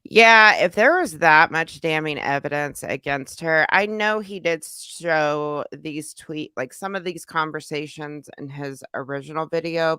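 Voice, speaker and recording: Bright, gravelly streamer woman. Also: sits low, no echo, clean studio sound. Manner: chatty, reads chat comments aloud. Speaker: reaction streamer. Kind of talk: casual live reaction chat.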